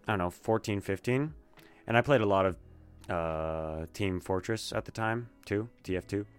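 A young man in an excitable, joking, profane casual chat, talking as a podcast co-host. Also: fairly low pitch, normal speed, smooth, soft background music.

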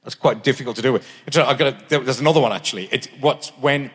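Man in his fifties, husky, rambling anecdotes, live stage interview, long hall reverb. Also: medium pitch, quick pace, a bit bright. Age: 50s. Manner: rambling storyteller, restarts and self-interrupts. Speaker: guest. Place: large concert hall with live audience.

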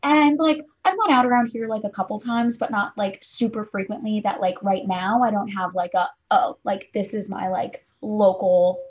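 A woman's voice: mid-range voice, normal speed, few pauses, highs cut off. A young woman in her twenties co-hosting a podcast, telling a story casually and saying "like" constantly. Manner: chatty, fills speech with "like". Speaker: podcast co-host.

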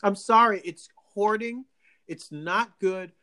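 Chatty man, rambling and animated. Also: high-pitched, takes it slowly. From Long Island, New York. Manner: rambling, animated, frequent restarts. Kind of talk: casual chat.

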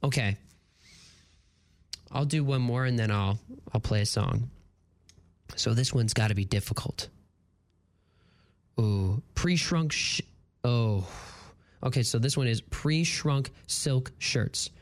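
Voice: medium pitch, slow pace, pauses often. A morning radio host doing playful solo banter on a close studio mic, laughing at their own slip-ups while stumbling through tongue twisters. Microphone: studio broadcast mic, close.

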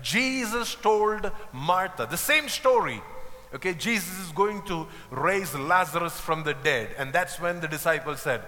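A man preaching a sermon, emphatic and lively, acting out the people he quotes with humor. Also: a little high, measured pace, big-room sound.

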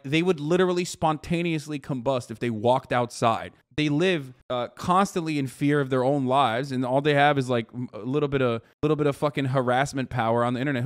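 A young man hosting a live stream, ranting in profane, sarcastic commentary straight to his chat. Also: medium pitch. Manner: profane, sarcastic, heated rant. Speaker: streamer host.

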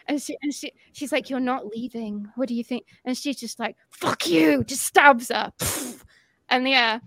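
A woman co-hosting a podcast, recapping a film in casual chat, animated and sweary, acting out the characters' lines. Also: a little high, dry recording, clean studio sound. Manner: animated storytelling, acts out quotes, swears freely. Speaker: podcast co-host.

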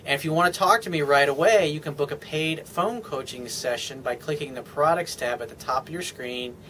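A man's voice: on the high side, brisk, a bit bright, a little hiss or hum. A man talking as a dating coach in a casual video monologue, rambling and frank, full of "I mean" and "you know.".

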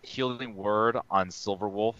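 A man playing a tabletop role-playing game, talking in a slow, low-key way. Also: steady tone, dull audio, a crowd in the background. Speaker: player. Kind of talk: casual tabletop play.

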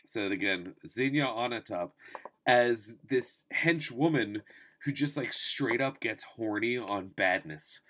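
Animated man in his thirties reviewing films. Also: medium pitch, slow, a little hiss or hum. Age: 30s. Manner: animated, profane, wry asides. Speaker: movie reviewer. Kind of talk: casual spoken movie review.

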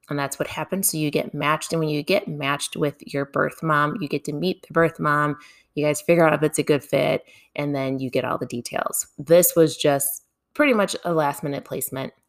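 This low-pitched woman shares a story from her own life with her audience, keeping it relaxed and lively. Frequent laughter and the occasional curse word run through her telling.

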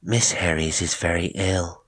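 A man voicing a young woman captor who speaks in quiet, gentle, controlled tones. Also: low voice, fairly even intonation, unhurried, husky, full character voice. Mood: cold gentle.

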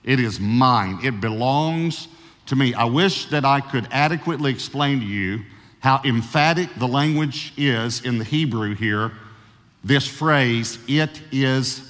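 Pastor preaching in a reverberant church. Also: male voice, medium pitch, animated, fairly bright tone. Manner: slows down to stress key words, with false starts. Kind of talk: sermon. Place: large church.

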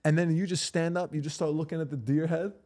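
A man in his forties co-hosting a comedy podcast, telling childhood stories in a casual, animated way, often laughing and swearing. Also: on the high side, fast talker. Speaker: podcast co-host. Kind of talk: casual storytelling chat.

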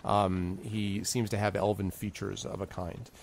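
A man's voice: lowish voice, level tone, a little slow, gravelly, a little hiss or hum. A man narrating as game master of a tabletop game in a rambling, filler-heavy way. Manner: rambling, many fillers, chuckling.

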